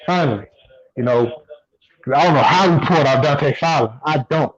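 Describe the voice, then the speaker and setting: A man co-hosting a casual sports podcast, relaxed and repeating himself as he thinks. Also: fairly high pitch, normal speed, highs cut off. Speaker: podcast co-host.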